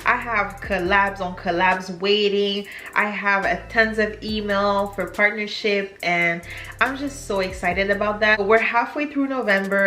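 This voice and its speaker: A woman's voice: mid-range voice, pushed and bright. A young woman with a French accent, talking candidly in a confessional vlog and slipping into French mid-sentence. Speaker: YouTuber. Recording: echoey room, faint music.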